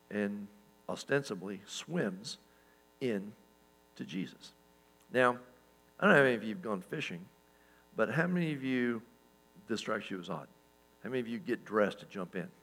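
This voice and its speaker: Man pastor chatting through a sermon, low-ish voice, lots of "uh"s and chuckles. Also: fairly bright tone, poor audio. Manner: conversational, with frequent fillers and restarts, laughing at his own stories.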